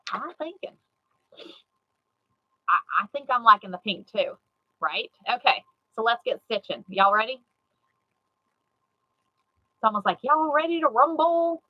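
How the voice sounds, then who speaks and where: A woman giving a live sewing demonstration, chatty and excitable, repeating herself and greeting viewers. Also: fairly high pitch, lo-fi sound. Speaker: sewing instructor.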